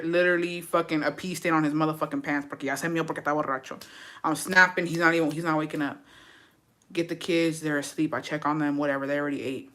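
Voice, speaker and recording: Bright, profane, dramatic woman storyteller. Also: deep voice. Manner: profane, code-switches between English and Spanish. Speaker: vlogger telling a story. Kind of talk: casual storytime.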